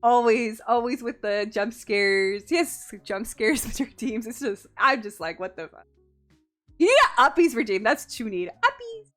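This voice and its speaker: A woman's voice: a little high, normal speed, hardly any pauses, faint music behind. A woman from the United States, a VTuber streamer, chatting casually and playfully, teasing and giggling often. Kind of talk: casual live-stream chat.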